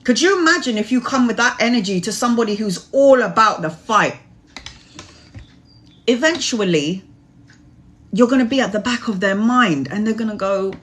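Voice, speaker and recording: A woman's voice: a little high, normal speed, fairly bright tone. Earnest woman giving spiritual advice. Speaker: tarot reader answering live chat questions. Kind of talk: casual live-stream chat. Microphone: phone or webcam live stream.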